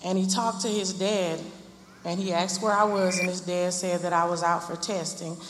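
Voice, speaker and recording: A mother recounting memories of her son, retelling their conversations slowly and with feeling. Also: lowish voice, level tone, echoey room, long reverb tail, slight background noise. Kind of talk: personal testimony.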